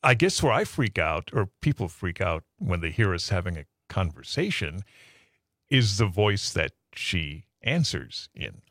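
A man's voice: low-pitched, sing-song, measured pace, a bit bright, no echo. A man, a studio guest on a radio talk show, telling amused stories in casual chat. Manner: amused storyteller, laughs often. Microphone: studio microphone.

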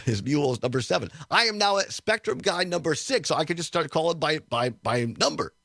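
A man hosting a radio talk show, telling a story in a chatty, animated way, chuckling often and acting out what people said, from a studio. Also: fairly high pitch, fairly quick, no room sound. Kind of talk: storytelling chat on air.

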